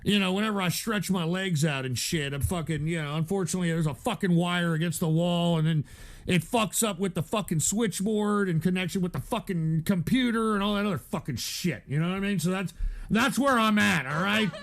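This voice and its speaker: A man's voice: high-pitched, a little fast, gravelly. A man hosting a livestream, ranting angrily and sighing as he reads out donation messages. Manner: exasperated, cursing, sighing. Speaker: livestream host reading donations. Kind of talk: angry livestream rant.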